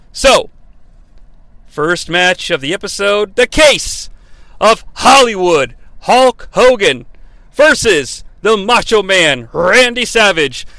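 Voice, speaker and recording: A high-pitched American man hosts a comedic review monologue, rambling, swearing freely and slipping into mock-courtroom formality. His voice is bright and forward, recorded close and dry. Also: no echo. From United States. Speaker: host of a wrestling review show.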